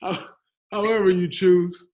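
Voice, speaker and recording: A man guesting on a remote podcast, relaxed and joking as he tells stories. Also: high voice, unhurried. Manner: laid-back, joking storyteller. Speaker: podcast guest, pro basketball player. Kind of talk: casual remote interview chat. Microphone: video call.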